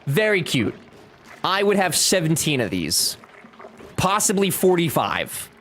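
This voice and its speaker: A man's voice: on the high side, big pitch swings, measured pace, fairly bright tone, a little hiss or hum. A young man chatting casually with his live-stream chat while playing a game, joking and talking back to viewers.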